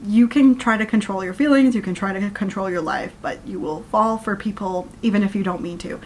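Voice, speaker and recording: A woman's voice: mid-range voice, quick pace, hardly any pauses, a little hiss or hum. A woman giving a ranting book review, reading passages aloud and cutting in with sarcastic, exasperated asides.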